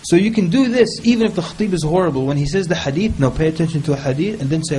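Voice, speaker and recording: Lively guy on a panel, pitch a bit high, jokey, does little voices for quotes. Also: rapid-fire, slight background noise, poor audio. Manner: animated, mimics people in quotes, humorous. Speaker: Islamic speaker on a panel. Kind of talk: casual panel talk.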